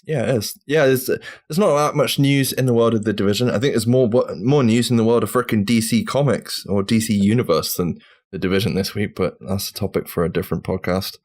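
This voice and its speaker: A low-voiced man from the UK hosts a casual gaming podcast, keeping the segments moving. He trades loose, sweary banter with his co-hosts. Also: fairly quick, darkish tone. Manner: banter, swears freely, runs the show segments. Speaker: podcast host.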